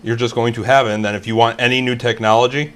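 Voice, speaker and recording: A man from New York co-hosting a casual comedy podcast, making blunt, deadpan jokes. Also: mid-range voice, fast talker, a little hiss or hum. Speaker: co-host.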